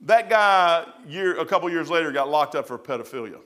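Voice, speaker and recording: A man's voice: a little high, expressive, a little fast, bright, forceful tone. Rambling middle-aged preacher man. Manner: rambling, with many restarts. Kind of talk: sermon storytelling.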